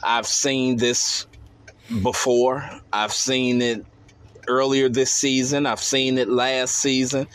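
A man leaving a voice message for a sports radio show, speaking slowly and bluntly. He sounds skeptical and unimpressed. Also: mid-range voice, level tone, fairly bright tone, clean tone, no room sound. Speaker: caller. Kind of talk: recorded listener voice message.

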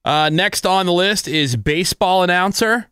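A man's voice: high voice, animated, normal speed, a bit bright, clear, resonant tone, no echo, clean studio sound. A man hosting a morning radio show, joking with his co-hosts and reading out listener emails. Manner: jokey, reads listener emails and slips into silly voices.

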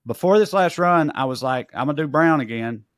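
A man's voice: a little high, a little fast, no room sound, clean studio sound. A man co-hosting a podcast, telling a story in casual chat, cursing freely and acting out what people said. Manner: profane, animated storyteller acting out quotes. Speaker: podcast co-host.

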